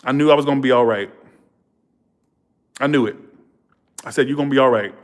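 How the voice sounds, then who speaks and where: Animated man telling stories on a livestream. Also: mid-range voice, a little fast. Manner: animated, emotional, swears freely; thanks viewers warmly and repeatedly. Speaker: tarot reader hosting a livestream. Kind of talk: casual livestream storytelling.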